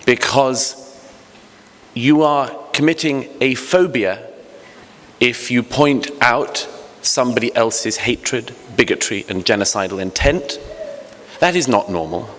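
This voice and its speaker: A British man with a medium-pitched, slightly bright voice speaks slowly into a podium mic at a conference panel, with slight background noise. The setting is a large, echoey hotel conference hall with faint ambience, and he's earnest, restarting hesitantly and slipping in wry humor.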